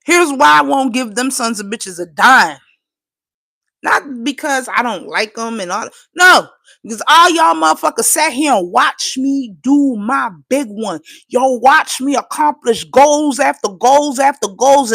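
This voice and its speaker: A woman's voice: high-pitched, animated, a little slow, creaky, fairly bright tone. A woman from Trinidad, fighting back tears, ranting on a livestream in a profane, impassioned, insistent way. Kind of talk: emotional live-stream rant.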